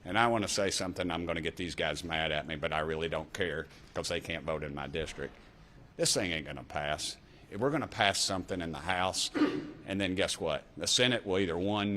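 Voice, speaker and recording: A congressman in his sixties with an East Tennessee accent delivers fiery, folksy press conference remarks built on punchy repeated refrains. His voice is deep and sharp, and he talks fairly quickly.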